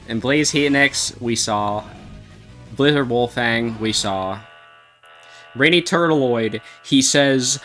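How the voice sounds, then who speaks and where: A man's voice: medium pitch, slow, long pauses, bright, forceful tone. A man on a gaming stream, reading game dialogue aloud in a dry voice and laughing between lines, with faint music behind. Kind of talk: casual gaming stream chat.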